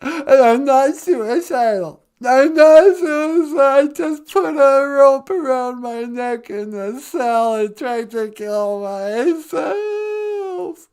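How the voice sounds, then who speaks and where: A man's voice: very high voice, slow, voice pushed up, full character voice. A man voicing a melodramatic, weepy jailed man who pleads and whines through tears. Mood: tearful pleading. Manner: sobbing, pleading, self-pitying.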